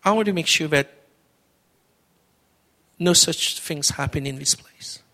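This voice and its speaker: A man's voice: fairly high pitch, measured pace, pushed and bright. A middle-aged man preaching as a pastor, telling his testimony in an earnest, conversational way, often repeating words. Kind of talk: testimony sermon.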